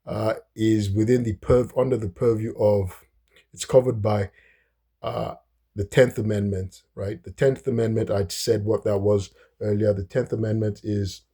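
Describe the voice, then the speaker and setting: A man's voice: lowish voice, little pitch movement, a little slow, warm tone, husky. A man talking through a topic off the cuff, with many fillers, restarts and repeated words. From United States. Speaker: host. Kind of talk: unscripted explanatory talk.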